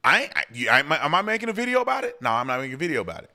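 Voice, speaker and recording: Bright-voiced heated male show host. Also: on the high side, big pitch swings, very fast. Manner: heated, ranting, repeats himself. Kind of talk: commentary and viewer Q&A.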